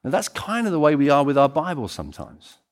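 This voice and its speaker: A man preaching a sermon as pastor, swinging between excited loud passages and quiet, intimate ones. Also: on the high side, fast talker. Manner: animated, swings from loud to hushed.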